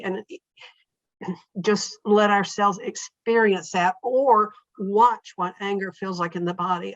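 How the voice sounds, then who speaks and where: A woman's voice: medium pitch, fairly even intonation, unhurried, a bit bright, no echo, lo-fi sound. A woman guest on a podcast talking in a thoughtful, reflective way, often acting out her own inner thoughts as little quotes. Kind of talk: reflective conversational interview.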